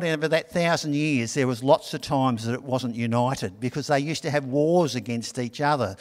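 Middle-aged pastor preaching in a reverberant church. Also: male voice, medium pitch. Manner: conversational, storytelling with asides. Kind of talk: sermon.

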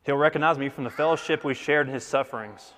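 A man's voice: medium pitch, quick pace, a bit bright, big-room sound, slight background noise. A man preaching a sermon in an earnest, emphatic way, repeating key phrases for weight. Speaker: pastor.

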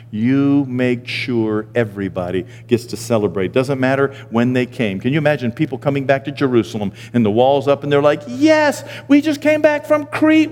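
Older pastor preaching in a reverberant hall. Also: male voice, a little mellow, slight background noise. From Maine. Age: 60s. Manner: storytelling, jumps into high squeaky voices for quoted people. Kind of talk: sermon. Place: church sanctuary.

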